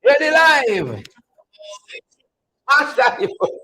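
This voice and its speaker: A man's voice: very high voice, wildly swooping pitch, takes it slowly, bright, forceful tone, rough recording. A man with a Guyanese accent hosting a political commentary livestream, sarcastic and repetitive, pleading with his viewers.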